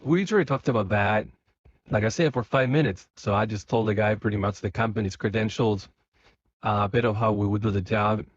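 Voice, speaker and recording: Casual male vlogger from Spain, low voice, rambling car-ride monologue, dry close sound. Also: fairly quick, slightly rough, dry recording, dull audio. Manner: rambling, many fillers and restarts. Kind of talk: casual monologue while driving.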